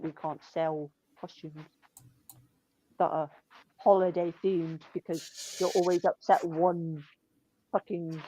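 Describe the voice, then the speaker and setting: A woman, telling shop stories in a blunt, sweary, deadpan way. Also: on the low side. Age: 20s. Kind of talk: casual chat. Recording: dull lo-fi dry sound.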